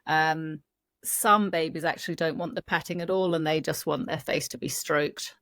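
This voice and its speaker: Aussie lady, slightly low voice, calm and patient explaining, dry podcast mic. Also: dry recording. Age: adult parent. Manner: calm, measured, explains step by step. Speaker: podcast co-host and infant sleep practitioner.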